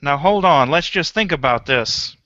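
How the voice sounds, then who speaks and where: A man's voice: a little high, animated, normal speed, pushed and bright, no room sound, lo-fi sound. A man voicing Richard, a nervous young site guard who stammers and pleads. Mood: alarmed.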